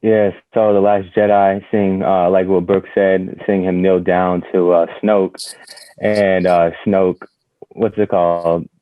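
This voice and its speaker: Deep flat man over a tinny line. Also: slow pace, dry recording. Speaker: podcast panelist. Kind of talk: casual podcast discussion. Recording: tinny phone-like call line.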